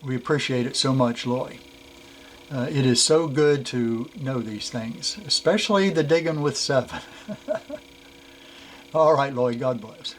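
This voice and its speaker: A man's voice: medium pitch, measured pace, pauses often, slight background noise. A male metal detecting show host chatting casually in a folksy, rambling, self-joking way, recorded on a cell phone. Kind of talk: casual chat.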